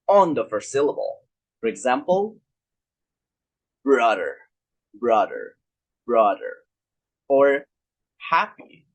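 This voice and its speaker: A man presenting a lesson on English pronunciation, repeating example words slowly and asking listeners if they follow. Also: mid-range voice, husky, poor audio. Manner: asks listeners rhetorical check questions. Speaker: student presenter.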